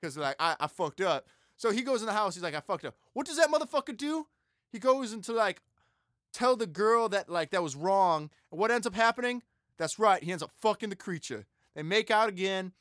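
A man's voice: sits high, lively intonation, fairly quick, a bit bright, no echo, studio quality. A young man casually retelling a movie plot, rambling and profane, acting out the characters as he goes. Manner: rambling, profane, acts out characters mid-story. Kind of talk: casual crude movie recap.

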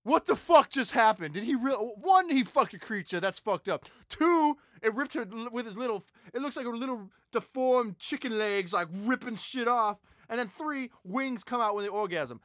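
A man's voice: extremely high pitch, expressive, moderate pace, hardly any pauses, a bit bright, dry recording, clean studio sound. A young man casually retelling a movie plot, rambling and profane, acting out the characters as he goes. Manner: rambling, profane, acts out characters mid-story. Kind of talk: casual crude movie recap.

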